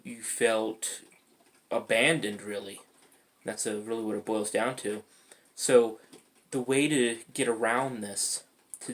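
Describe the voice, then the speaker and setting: A man giving a blunt, earnest motivational monologue, casual and sprinkled with swearing. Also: medium pitch. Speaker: self-help speaker.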